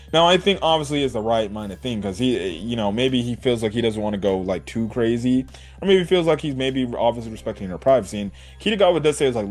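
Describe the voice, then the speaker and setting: A man casually recapping an anime episode in a rambling way, full of fillers and quick acted-out quotes. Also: medium pitch, lively intonation, a little mellow, soft background music. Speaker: anime reviewer. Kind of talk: casual spoken episode review.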